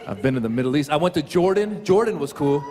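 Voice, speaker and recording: A high-voiced man from Iran does stand-up into a handheld mic, animated and acting out what people said. The venue rings with a long reverb, and a faint noise sits under his voice. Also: fast talker. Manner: animated storytelling, acting out quotes. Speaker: stand-up comedian. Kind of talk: stand-up comedy set. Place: comedy venue on stage.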